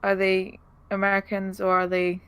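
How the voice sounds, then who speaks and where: A woman's voice: mid-range voice, monotone, normal speed, fairly bright tone, clear, resonant tone. A woman player in a tabletop game asking hesitant questions.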